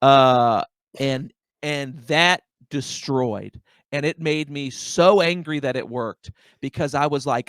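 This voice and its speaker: A young adult man, a stand-up comedian, telling a story as a podcast guest in an animated, filler-heavy way, often saying "like" and "dude". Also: mid-range voice, a little slow, no echo. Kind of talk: casual storytelling chat.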